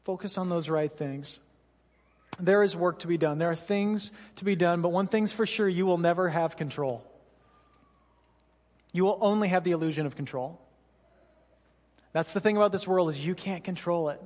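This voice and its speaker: High-voiced pastor preaching in a reverberant hall. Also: male voice, moderate pace, pauses often, a little mellow. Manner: conversational storytelling, direct questions to listeners. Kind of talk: sermon. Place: church sanctuary.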